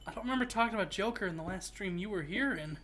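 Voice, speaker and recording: A male streamer chatting casually while playing, his voice bright and clear. He rambles in a joking way, often restarting his phrases mid-sentence. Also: sits high, expressive, racing. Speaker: streamer host. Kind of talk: casual gaming stream chat.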